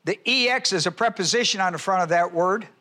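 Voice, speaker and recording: A man delivers a teaching sermon, listing scripture references and spelling out words for his listeners. His voice sits high and carries a bright, forceful edge. He slows down to repeat the key points. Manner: repeats key phrases slowly for emphasis. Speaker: preacher.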